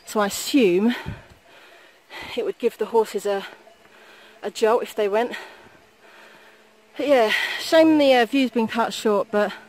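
An excitable woman vlogs her hike, chatting into a phone camera out on a mountain trail. Her voice sits a bit high, and she swears freely as she talks. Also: slow pace, long pauses, low-quality recording. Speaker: vlogger. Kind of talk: casual hiking vlog. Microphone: handheld phone camera.

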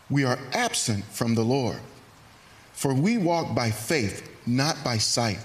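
A man preaching a sermon in a church, earnest and animated, acting out hesitant asides. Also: medium pitch. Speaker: pastor. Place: church sanctuary.

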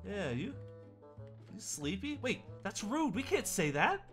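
Performer doing a jittery, stammering animatronic pizzeria boss, lively bright voice, music under. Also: mid-range voice, measured pace. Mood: flustered. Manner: flustered, stammering, excitable. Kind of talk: Minecraft roleplay acting.

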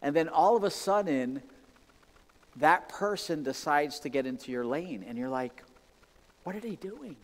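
Male pastor, lively conversational sermon, slightly high voice, long church reverb. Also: moderate pace. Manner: animated, conversational, many restarts and acted-out exclamations. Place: church sanctuary.

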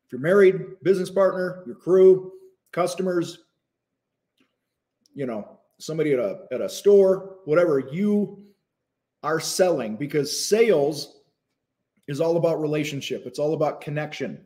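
A man's voice: on the high side, moderate pace, warm tone. A man hosting a live stream about selling, talking casually and loosely with many fillers and restarts, and eating as he talks at times. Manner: talks with his mouth full at times. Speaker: host of a live business show. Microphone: phone.

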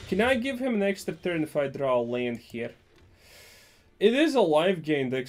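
A man's voice: a little high, darkish tone. A young man giving joking, sarcastic gameplay commentary for his channel. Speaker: gaming YouTuber.

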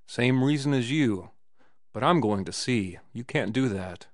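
A man's voice: mid-range voice, animated, unhurried, no echo, lightly acted. Male narrator doing earnest young sailor-writer, emphatic. Dry sound.

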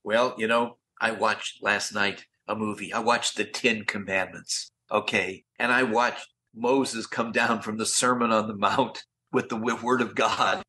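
An older man doing an impression of his slow-talking co-star, a deep-voiced, self-important male TV hero. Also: steady tone, pushed and bright, a little hiss or hum, poor audio. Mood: grandiose.

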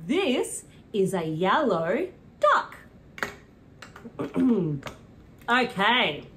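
Woman, British accent, preschool presenter, very slow, bright voice, faint hiss. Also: on the high side. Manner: slow, sing-song and animated, gasps and cheers. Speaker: children's presenter. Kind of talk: preschool teaching.

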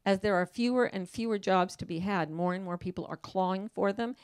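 A woman's voice: medium pitch, a little fast, clean tone, no echo, studio quality. A woman author talking as a guest in a casual onstage interview, emphatic and playful, often quoting herself in voices.

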